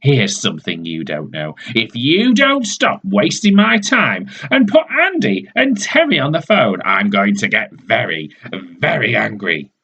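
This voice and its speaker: A man's voice: medium pitch, huge pitch swings, measured pace, few pauses, slightly rough, exaggerated voice. A man voicing a bossy, impatient storybook man who blusters and grows angry. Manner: blustering, growing louder. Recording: dull lo-fi recording.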